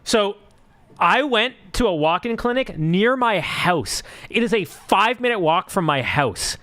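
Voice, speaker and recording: Young male streamer, casual live chat, rambling storyteller, high and lively delivery. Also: measured pace. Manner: rambling, filler-heavy storytelling with swearing.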